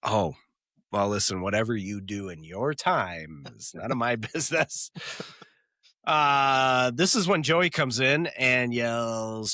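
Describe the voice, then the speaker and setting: A man co-hosting a casual podcast, retelling scenes with quick character voices. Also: medium pitch, expressive, bright, forceful tone, no room sound, studio quality. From Upper Midwest of the US. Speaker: podcast co-host.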